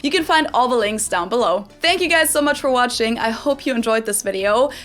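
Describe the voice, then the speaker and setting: A German-accented woman explains grammar and pronunciation in a crisp, cheerful teaching tone. Her voice sits a little high and she speaks precisely. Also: animated, a little fast, a bit bright, faint music behind. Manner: clear, upbeat, precise. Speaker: language teacher. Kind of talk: explanatory language lesson.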